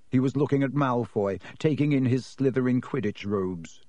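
Male audiobook narrator, expressive, dry close recording. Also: mid-range voice, normal speed, few pauses, no echo. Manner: reads expressively, voices each character.

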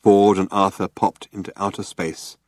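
A man reading an audiobook in measured scripted narration. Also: low-pitched, flat delivery, dry recording, clean studio sound.

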